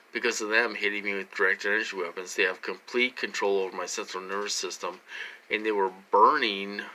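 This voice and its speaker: In a casual vlog monologue filmed in his own room, a man rambles and repeats himself, leaning heavily on fillers. His voice is low-pitched, pushed and bright, with a little hiss or hum in the background.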